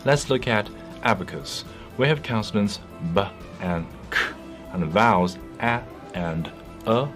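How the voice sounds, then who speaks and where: A man narrating a scripted pronunciation lesson in a clear, patient, explanatory way. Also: lowish voice, expressive, measured pace, music in the background. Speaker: English pronunciation teacher.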